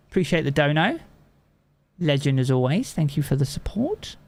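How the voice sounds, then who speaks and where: A man's voice: fairly high pitch, very animated, normal speed, breathy edge. A man from England with a Southern English accent, a game streamer chatting casually with his live chat and swearing freely.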